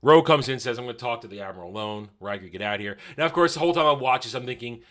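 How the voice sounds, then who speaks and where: Bright-voiced man reviewing an episode. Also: medium pitch, lively intonation, fast talker, hardly any pauses. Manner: rambling, self-correcting, quotes scenes in paraphrase. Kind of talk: casual spoken review.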